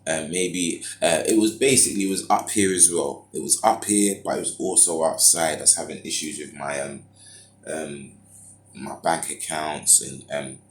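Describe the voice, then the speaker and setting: A low-voiced man recounts a personal story in loose, slang-heavy talk. He drifts between points and fills gaps with filler sounds. The recording has a strong echo from the room around him. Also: fairly even intonation, moderate pace. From United Kingdom. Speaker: vlogger. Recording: echoey room.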